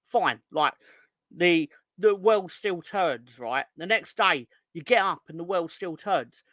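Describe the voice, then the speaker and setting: A man's voice: high-pitched, expressive, slow pace, a bit bright, no room sound, clean studio sound. A young man hosting a fan live stream, ranting in an exasperated, sweary way and reading out chat hellos. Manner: exasperated, sweary, rising into angry outbursts. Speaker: fan channel host.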